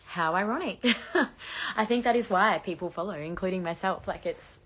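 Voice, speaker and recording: Croaky low-voiced woman. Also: fairly bright tone. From Australia. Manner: fast-talking, chatty, laughs often. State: hoarse, losing her voice. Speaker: gossip livestream host. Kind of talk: casual livestream chat reading comments. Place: bedroom at home with laundry drying.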